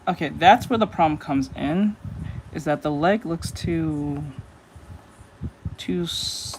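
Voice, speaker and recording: A man streaming while he draws, thinking aloud in a rambling, casual way with many restarts. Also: on the high side. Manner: gets emphatic when arguing a point. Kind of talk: casual commentary while drawing. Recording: noisy stream audio.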